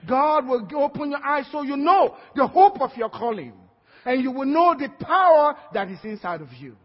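A man's voice: very high-pitched, big pitch swings, normal speed. A man with a Nigerian accent preaching a sermon, emphatic and calling for amens from the congregation. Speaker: pastor. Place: church hall. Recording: dull lo-fi sound with long hall reverb.

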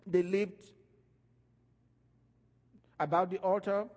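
A man preaching a sermon, animated and emphatic, his voice rising and falling as he stresses his points. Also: high-pitched, slow, big-room sound.

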